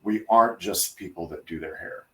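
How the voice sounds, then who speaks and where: A man, a hairdresser co-hosting a podcast, tells a story in a relaxed way with many pauses and fillers. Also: deep voice, far from the mic. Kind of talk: casual podcast chat.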